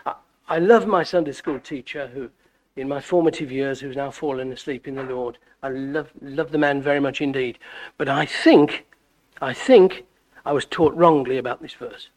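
A middle-aged man preaching a sermon, animated and full of stammered restarts. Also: normal speed. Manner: animated, wide swings in pitch and loudness, frequent stammered restarts. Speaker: visiting preacher.

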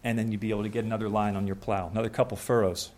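A young man preaching a sermon in a conversational way, acting out little scenes with quick changes of voice. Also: on the low side, level tone, a little mellow.

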